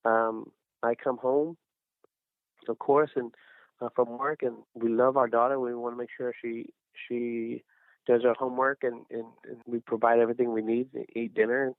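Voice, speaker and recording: A man's voice: mid-range voice, flat delivery, moderate pace, no room sound. A middle-aged man sharing a casual faith testimony, rambling with many restarts and fillers. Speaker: guest, small business owner. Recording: dry, tinny phone-like sound.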